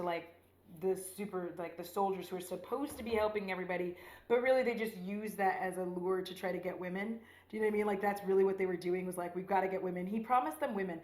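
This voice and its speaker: A woman rambling casually and profanely while doing her makeup, retelling a movie. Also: mid-range voice. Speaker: beauty vlogger. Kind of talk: casual get-ready-with-me chat. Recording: roomy echo.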